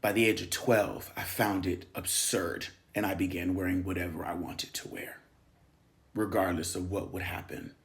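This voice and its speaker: A man's voice: deep voice, steady tone, normal speed. A man in his thirties from Los Angeles gives an emphatic, candid personal monologue, often dropping to a whisper and laughing. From South Central Los Angeles. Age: 30s. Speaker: spiritual channel host.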